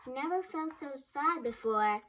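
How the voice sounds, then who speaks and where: A woman storyteller reading a rhyming picture book aloud, lively and casual, adding her own remarks between verses. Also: sits high, normal speed.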